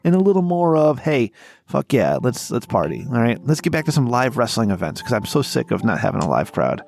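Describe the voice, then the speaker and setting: A man's voice: mid-range voice, lively intonation, fast talker, gravelly, darkish tone. A man co-hosting a casual podcast, ranting with heavy swearing. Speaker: podcast co-host. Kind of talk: casual profane podcast banter.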